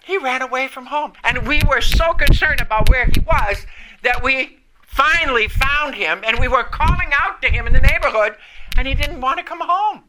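A man's voice: very high voice, lively intonation, moderate pace. An older man preaching a sermon, telling a personal story earnestly and chuckling at himself now and then. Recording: noisy recording.

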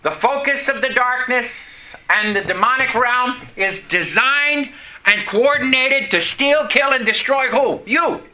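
A middle-aged man preaching a sermon, reading scripture and leading the congregation in call-and-response with dramatic pauses. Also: extremely high pitch, bright, forceful tone. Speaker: pastor.

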